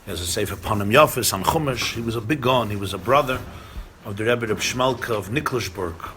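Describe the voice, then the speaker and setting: A rabbi with a lowish voice talks fairly quickly over slight background noise. His storytelling at a community gathering is animated, complete with acted-out dialogue and Yiddish and Hebrew phrases.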